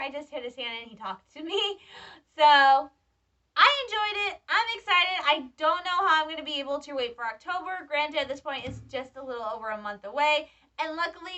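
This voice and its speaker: High, bright young woman vlogger, eager and chatty, mic a bit distant and dull. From Michigan. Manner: excitable, chatty fan talk. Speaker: vlogger, student. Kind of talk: casual reaction vlog. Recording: slightly distant, dull lo-fi sound.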